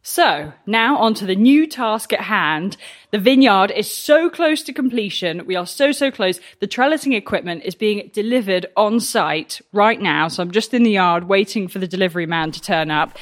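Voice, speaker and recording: A woman's voice: mid-range voice, lively intonation, moderate pace, dry recording, studio quality. A woman farmer chatting casually in a rambling, self-mocking way as she vlogs from her farmyard. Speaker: farmer and vlogger. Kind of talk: casual vlog narration. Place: farmyard outdoors.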